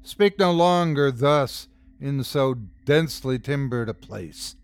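A gruff cult leader gives orders in a frigid monotone, as a male narrator puts him on. The voice sits at an ordinary middle pitch and moves slowly and deliberately. It is a storybook villain with a hard, cold edge. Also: dry recording. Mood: cold commanding.

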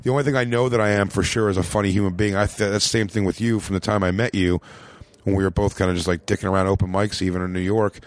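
A male comedian guest speaks in a low, steady voice with no room sound, recorded in a small home studio room. His casual podcast chat is rambling and profane, and he readily acts out quotes as he tells stories.

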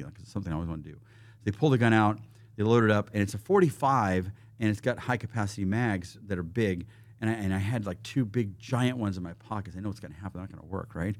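A firearms trainer on a podcast tells casual stories in a lowish voice, recorded with no echo. He's animated, acting out quotes and gun sounds, and he restarts often.

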